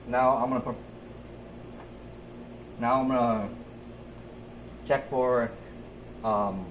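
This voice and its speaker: A young adult man, a nurse, talking through a physical assessment step by step in a methodical way. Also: mid-range voice. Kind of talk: narrated skills demonstration. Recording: echoey room, faint background noise.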